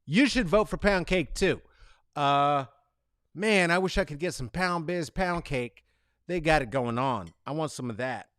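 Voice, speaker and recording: Man, casual rant, swearing, mock booing, high-ish voice, dry close sound. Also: a little slow, smooth, dry recording. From San Francisco Bay Area. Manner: swearing, rambling, animated rants with mock booing. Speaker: host. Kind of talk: casual comedic monologue.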